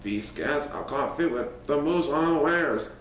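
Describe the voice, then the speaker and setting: A man's voice: on the high side, lively intonation, a little slow, fairly bright tone, a little hiss or hum. Man reading a rhyming storybook. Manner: playful, sing-song rhyming delivery. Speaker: storyteller in a cat costume persona. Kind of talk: reading a rhyming picture book aloud. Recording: roomy, distant mic, faint ambience.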